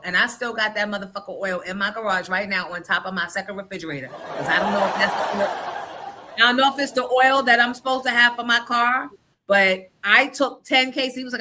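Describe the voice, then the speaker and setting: A woman hosting a casual chat show, telling stories in an animated and profane way. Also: medium pitch, brisk. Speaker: show host.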